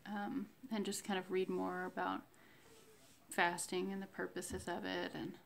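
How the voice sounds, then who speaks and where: Woman, casual devotional diary, slow and thoughtful, gravelly fry in the voice. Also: fairly low pitch, level tone, a little hiss or hum. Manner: slow, reflective, devotional, with many fillers. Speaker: vlogger sharing a fasting diary. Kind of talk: casual spoken faith diary.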